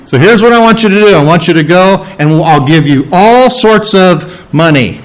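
A man's voice: sits high, expressive, normal speed, low-quality recording. A man voicing a worried king who pleads and complains as he offers money. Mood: pleading. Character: anxious pleading male king, grown man.

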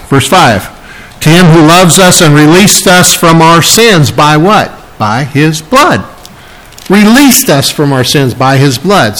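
Casting note: man, fairly high voice, preacher teaching scripture, chatty with sudden excited outbursts. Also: low-quality recording. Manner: conversational Bible teaching with bursts of excitement. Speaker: pastor. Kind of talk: sermon.

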